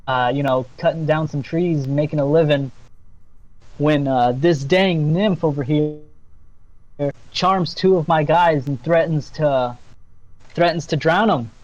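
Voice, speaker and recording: A gruff, hot-headed lumberjack boss, voiced by a man game master, blustering with raised pitch and loud threats. The sound is dull and lo-fi, as over voice chat. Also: natural voice. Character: gruff burly male lumberjack leader, hot-tempered.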